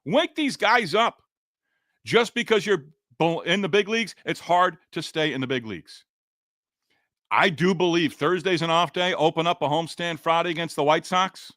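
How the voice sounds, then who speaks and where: Casting: male podcast host, a touch higher voice, venting and sarcastic, dead-dry booth sound. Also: a bit bright, no echo. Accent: Boston. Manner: frustrated, sarcastic, rambling with restarts. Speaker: podcast host reading listener comments. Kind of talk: casual sports podcast talk.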